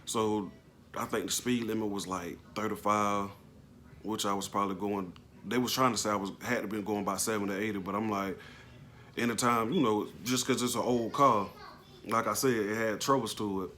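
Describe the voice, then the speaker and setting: A man casually recounting a personal story, halting and slangy, with plenty of emotion. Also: lowish voice, fairly even intonation, sharp tone, a little hiss or hum. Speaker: vlogger telling a personal story.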